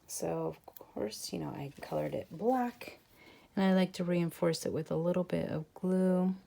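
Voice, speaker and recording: Chatty woman crafter talking viewers through a project; lowish, warm, slightly gravelly delivery. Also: measured pace. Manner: chatty, talks to viewers while working. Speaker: crafting channel host. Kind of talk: casual craft tutorial narration.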